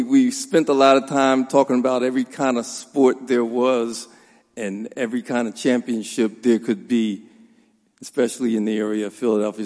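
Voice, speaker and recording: A man, the son-in-law of the deceased, gives a formal funeral tribute in a church, measured and pausing with fillers. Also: mid-range voice, darkish tone. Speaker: son-in-law giving a eulogy. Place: large church sanctuary. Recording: long hall reverb.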